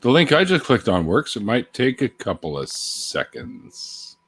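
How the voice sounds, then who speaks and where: A man's voice: medium pitch, big pitch swings, a little slow, a bit bright, husky. A man hosting a casual livestream, rambling, swearing and laughing as he sips beer. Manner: rambling, laughs often, swears, greets viewers in stretched sing-song calls. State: drinking beer, a bit tipsy. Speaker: livestream host.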